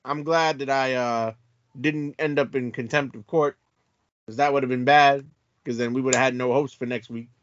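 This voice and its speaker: A man's voice: mid-range voice, fairly even intonation, moderate pace, no room sound. A man co-hosting a podcast, bantering and defending himself with jokey protests. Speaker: podcast co-host. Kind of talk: casual banter. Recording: dry, dull lo-fi audio.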